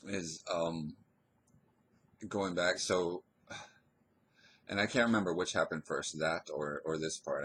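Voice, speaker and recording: A man with an extremely deep voice and a husky edge tells a personal story. He rambles casually and stops and restarts his sentences often. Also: fairly bright tone. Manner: hesitant, rambling, full of pauses and restarts.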